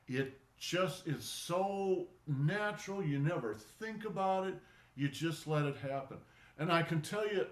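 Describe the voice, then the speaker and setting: A man teaching an online qigong class, talking in a relaxed, conversational way that often stops and restarts. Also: medium pitch. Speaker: qigong instructor. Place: indoor studio for online class. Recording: roomy echo.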